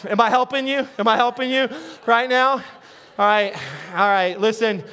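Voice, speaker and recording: Male pastor, sermon; very high voice, playful, talks straight to the congregation. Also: fairly even intonation, moderate pace, sharp tone. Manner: playful, chatty, keeps checking in with the audience; repeats words and restarts often.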